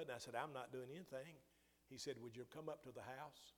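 A man's voice: medium pitch, steady tone, brisk. An older man preaching a sermon, telling a personal story with restarts and rising emphasis. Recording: long hall reverb.

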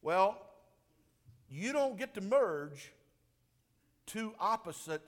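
Male preacher, high-pitched, animated sermon delivery, long echo of a large sanctuary. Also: slow pace. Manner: animated, swings from hushed to booming. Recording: long reverb of a large room.

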